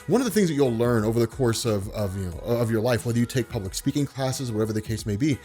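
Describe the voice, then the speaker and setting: Man, vlogger, calm and laid-back, carrying commanding voice, soft music underneath. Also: mid-range voice, fast talker. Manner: speaks from the diaphragm. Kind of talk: relaxed talk to camera.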